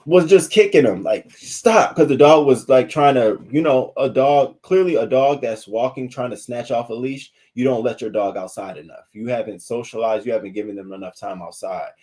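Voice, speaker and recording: A man hosting a casual livestream news commentary, animated and profane, talking to his viewers between stories. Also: mid-range voice, moderate pace, hardly any pauses, breathy edge.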